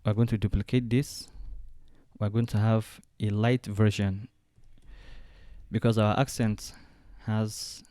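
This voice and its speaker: A man walking through a design software tutorial step by step, thinking aloud as he clicks along. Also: lowish voice, level tone, slow pace, dry recording, studio quality. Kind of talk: screen-recorded software tutorial.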